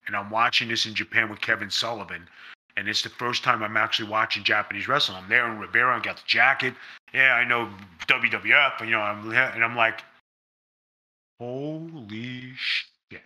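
A man's voice: on the low side, fairly even intonation, a little fast, sharp tone. A man being interviewed, talking in a blunt, emphatic way and swearing freely. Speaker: interview guest, former pro wrestler. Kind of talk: casual interview storytelling.

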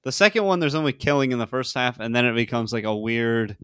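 A man in casual conversation, blunt and emphatic, swearing freely as he makes his points. His voice sits at an average pitch. The sound is close and dry. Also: expressive, fast talker, fairly bright tone, clean tone, no echo. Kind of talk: casual chat.

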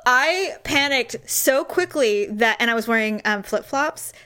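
A woman's voice: a little high, measured pace, very noisy. A woman chatting casually as a co-host, telling stories animatedly and acting out quotes. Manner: animated storyteller, acts out quotes, laughs often. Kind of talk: casual chat.

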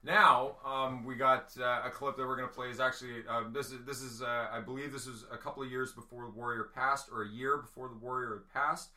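A man hosting a podcast in a casual chat, halting often with fillers and then growing excited. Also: medium pitch. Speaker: podcast host.

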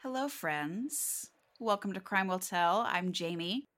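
An animated woman hosts a casual podcast, her lowish voice swinging up and down with lots of expression. She swears freely and jokes her way into the story. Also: slow. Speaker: podcast co-host.

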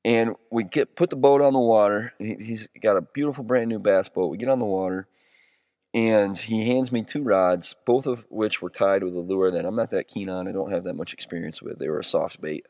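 A man hosting a podcast, telling a rambling outdoor story casually, with restarts and self-corrections, and sudden jumps to excited highs. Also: brisk, no room sound, studio quality.

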